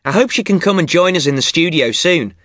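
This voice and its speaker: A male podcast host presents in a scripted way with a dry, mock-weary humor. His voice is bright and expressive, recorded dry and close. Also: fairly high pitch, brisk, no room sound.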